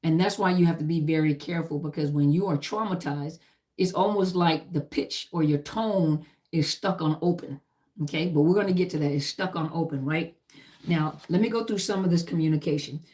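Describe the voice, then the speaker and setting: A woman's voice: sits low, brisk, a little mellow. A middle-aged woman who served in the army, teaching about trauma in an emphatic, repetitive lecture style full of lists and "you know".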